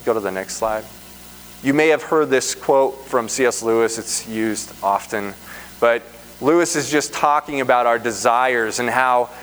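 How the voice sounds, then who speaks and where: A man's voice: medium pitch, a bit bright. A man preaching a sermon in an earnest, emphatic way, repeating phrases for stress. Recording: reverberant hall, faint hum.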